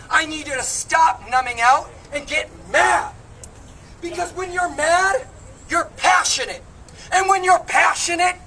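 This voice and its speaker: A woman running for office giving an impassioned rally speech outdoors at a protest, recorded from a distance. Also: sits high. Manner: impassioned, builds to shouted call-and-response. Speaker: congressional candidate speaking at a protest. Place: outdoors on steps at a street protest. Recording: distant street recording with crowd noise.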